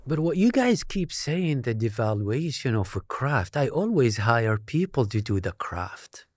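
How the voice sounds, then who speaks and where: A man in a panel discussion who speaks haltingly and repeats himself as he explains his view. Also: medium pitch, big pitch swings, no echo, clean studio sound. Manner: slow, halting, repeats words.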